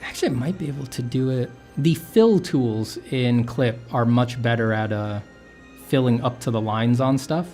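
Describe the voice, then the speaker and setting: A man's voice: mid-range voice, moderate pace, a little mellow, faint music behind. A man chatting casually as he teaches inking and coloring on a livestream, rambling and correcting himself mid-sentence. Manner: rambling, self-correcting, jokey. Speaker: artist streaming a drawing session.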